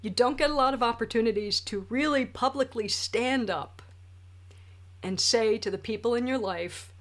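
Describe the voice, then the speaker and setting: A woman's voice: fairly high pitch, moderate pace. A woman in her forties, a wedding speech writer, gives jokey, emphatic tips straight to the camera. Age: 40s. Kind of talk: direct-to-camera tips video. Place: home studio with a ring light.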